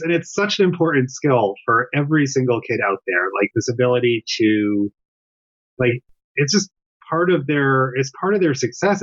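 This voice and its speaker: A man's voice: fairly high pitch, dull audio. A middle-aged man, a developmental psychologist, explaining his work earnestly as a guest in a remote interview from home. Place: home during lockdown.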